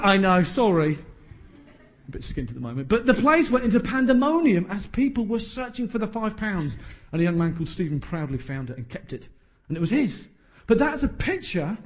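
A man in his thirties preaching a sermon. His voice sits high and swings widely in pitch. He is emphatic, with quick joking asides. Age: 30s.

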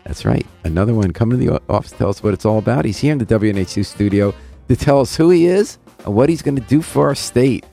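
Brisk radio host, man. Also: mid-range voice, lively intonation, creaky, dark tone, faint music behind. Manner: brisk, chatty interviewer. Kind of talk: radio interview. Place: radio studio.

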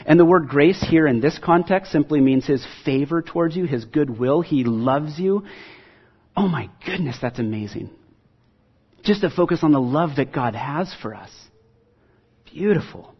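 A man's voice: fairly high pitch, expressive, moderate pace, husky, muffled recording. A man preaching a sermon to his congregation, earnest and conversational, with self-deprecating asides. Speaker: pastor.

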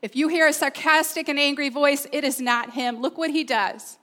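High-voiced woman preaching a sermon. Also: steady tone, normal speed, a bit bright. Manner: earnest, personal, asks the audience questions. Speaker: pastor.

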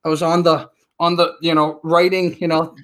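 A man in his thirties talking casually as a podcast guest, telling stories and acting out quotes in an animated way. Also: on the high side, moderate pace. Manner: chatty, animated storyteller, acts out quotes.

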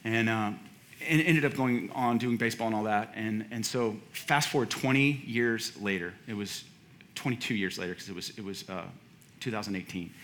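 A pastor in his forties tells a story from the pulpit in a loose, chatty way. His voice is bright and forceful, and he often laughs at himself and restarts his sentences. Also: fairly low pitch, slight background noise. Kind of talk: sermon storytelling.

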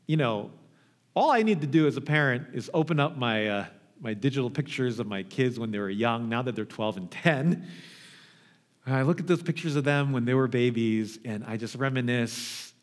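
Animated, higher-voiced male preacher. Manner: animated storytelling, acts out scenes with big pitch jumps. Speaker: pastor. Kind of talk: sermon.

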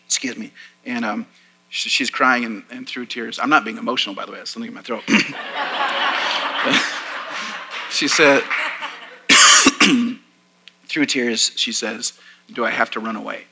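A man's voice: medium pitch, very animated, slow pace, pauses often, very noisy. A man in his forties, a pastor preaching a sermon in church, telling a personal story in a chatty, self-deprecating way with plenty of fillers. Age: 40s. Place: church sanctuary.

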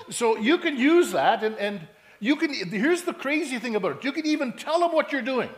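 Male preacher, high voice, animated storyteller who acts out dialogue, sermon delivery. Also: moderate pace. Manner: animated storytelling, acting out both sides of conversations.

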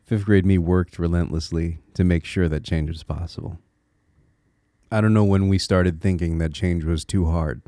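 On his solo podcast, a Connecticut host speaks in a low, warm, mellow voice with a steady tone and normal speed. He's earnest and reflective as he encourages listeners, sometimes restarting small phrases while thinking aloud, and the dry recording has no room echo.

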